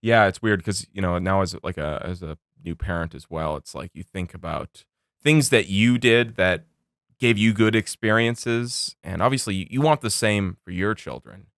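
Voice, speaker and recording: A man's voice: sits low, moderate pace, fairly bright tone, dry recording, clean studio sound. A man on a podcast, reflecting on parenting and thinking aloud with lots of fillers. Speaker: podcast co-host. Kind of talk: casual chat. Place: studio.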